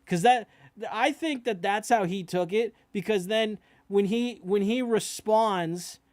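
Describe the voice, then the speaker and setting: A man's voice: sits high, slow, darkish tone, no echo. A young man talking casually as he reacts to a musical, swearing now and then and often asking "you know what I mean?". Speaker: reaction video host.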